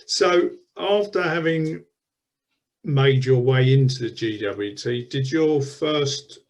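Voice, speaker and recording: A man's voice: mid-range voice, slow pace, darkish tone. A man interviewing a longtime theatre member, asking questions in a friendly, encouraging way. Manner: friendly, encouraging, laughs easily. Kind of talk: conversational interview.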